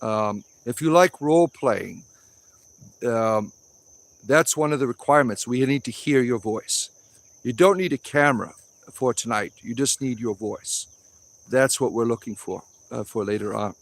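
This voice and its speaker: A man's voice: medium pitch, a little slow. A man hosting a casual livestream outdoors, reading and answering chat in a blunt, offhand way, with preachy asides. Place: outdoors in a wooded grove.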